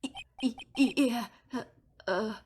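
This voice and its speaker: A woman's voice: fairly high pitch, measured pace, background noise, voice pushed down, lightly acted. A woman voicing a timid male ventriloquist who stammers nervously. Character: timid stuttering young man ventriloquist.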